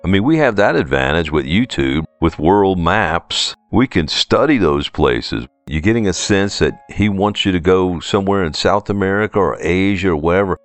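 Deep-voiced preacher with a New Orleans accent. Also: male voice. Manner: emphatic, with pointed rhetorical questions. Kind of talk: sermon.

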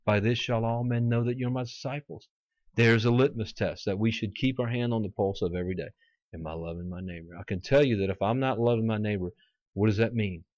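A man's voice: fairly low pitch, fairly quick, a little mellow, no room sound, dull audio. A man preaching a fervent sermon, quoting scripture and acting out mocking voices.

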